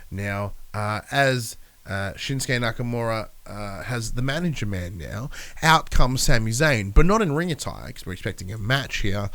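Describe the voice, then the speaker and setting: A man's voice: fairly low pitch, expressive, moderate pace, a bit bright. A man hosting a podcast alone, feeling sick with a stuffy nose, rambling and swearing as he recaps the week. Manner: rambling, swears, acts out wrestlers' lines. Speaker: podcast host. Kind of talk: solo casual recap.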